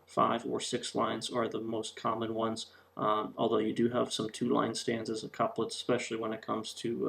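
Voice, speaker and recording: Man with a gravelly voice teaching. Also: mid-range voice. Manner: explanatory, with frequent ums and uhs. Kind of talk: recorded lesson narration over slides.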